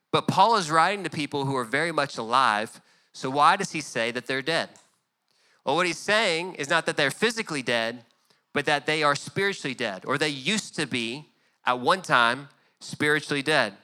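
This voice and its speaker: A man's voice: fairly high pitch, bright, forceful tone. A young adult male pastor preaching a sermon in a conversational way, acting out imagined back-and-forth dialogue.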